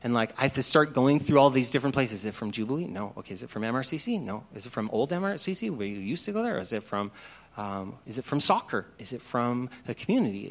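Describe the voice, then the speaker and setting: A man who is a pastor, giving a conversational sermon and telling stories that act out dialogue. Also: mid-range voice. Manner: chatty storytelling, acts out dialogue.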